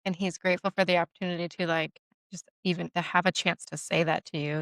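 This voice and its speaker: A woman giving a one-on-one mediumship reading, talking gently with halting fillers and restarts. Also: fairly low pitch, fairly even intonation, creaky, dry recording. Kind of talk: one-on-one reading, casual and hesitant.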